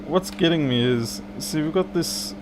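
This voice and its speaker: A man's voice: a little high, unhurried, background noise. A man, a repair technician bantering with viewers and muttering to himself while he works on a live stream.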